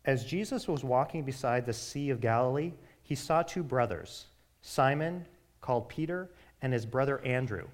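A man preaching a sermon in a conversational, animated way, with quick asides to his listeners. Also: mid-range voice. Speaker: pastor.

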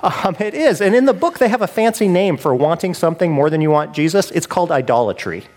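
A man preaching a sermon as pastor, in a lively, conversational way with casual asides. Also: a little high, fast.

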